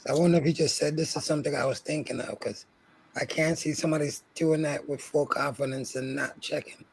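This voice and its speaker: Gravelly man tossing in joking asides. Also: a little high, steady tone, brisk. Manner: short reactions and joking asides. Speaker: podcast co-host. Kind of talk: casual chat.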